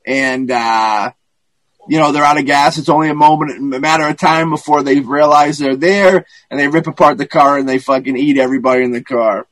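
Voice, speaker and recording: A man in casual podcast chat, retelling a film plot in a rambling, profane and animated way, with many restarts. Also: fairly high pitch, fairly quick, no room sound, rough recording.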